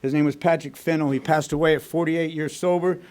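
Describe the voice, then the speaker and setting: A man from Texas telling his recovery story to a meeting in a blunt, profane, fast-moving way. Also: a little high, steady tone, a little mellow. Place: recovery group meeting room.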